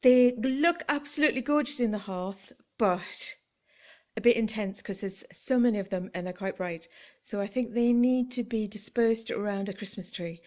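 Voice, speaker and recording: A woman's voice: mid-range voice, normal speed, darkish tone. A woman chatting casually in a home vlog while decorating, giggly and talking to her cat, recorded on a camera phone. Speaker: vlogger.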